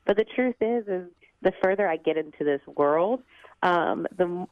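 A woman's voice: on the low side, expressive, normal speed, dry recording, narrow, tinny audio. A woman with a Southern US accent, chatting upbeat and laughing as a radio interview guest. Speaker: cookbook author and TV cook, radio guest.

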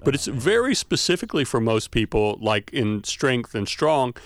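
A man's voice: medium pitch, big pitch swings, normal speed, no echo. Explanatory man with a dry sound. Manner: explanatory, with frequent "uh" fillers. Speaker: linguistics expert guest. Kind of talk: radio interview.

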